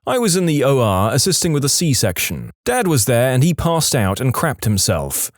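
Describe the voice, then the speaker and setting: Man, story narrator, scripted narration, animated pitch, dry close recording, comic quote voices. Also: normal speed, no room sound. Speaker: narrator reading stories.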